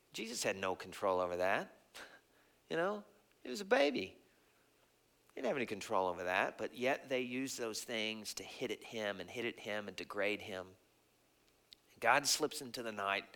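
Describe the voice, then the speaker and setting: A man preaching a conversational, earnest sermon, sometimes dropping to a hush. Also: medium pitch. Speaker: pastor.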